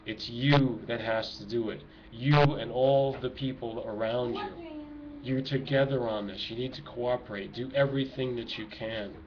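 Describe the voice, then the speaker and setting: A man's voice: medium pitch, fairly even intonation, normal speed, a crowd in the background. A middle-aged man speaking emotionally and urgently to his viewers from home, preaching in an impassioned monologue. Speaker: activist vlogger. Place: home with children nearby. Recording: dull lo-fi home recording with noise.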